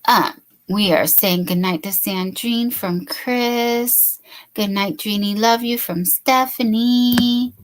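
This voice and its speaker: Slow, chatty woman hosting a livestream. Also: fairly high pitch, steady tone. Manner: chatty, reads viewer comments aloud, giggly. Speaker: crochet livestream host. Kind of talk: casual late-night livestream chat.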